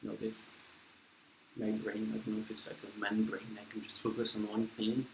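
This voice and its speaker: A young man with a French accent, speaking in a lowish voice. He chats while eating, rambling, blunt and a little profane, with plenty of fillers. The sound is echoey, with a faint hum of room ambience behind him. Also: monotone, moderate pace, vocal fry. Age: young adult. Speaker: vlogger. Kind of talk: casual mukbang chat while eating.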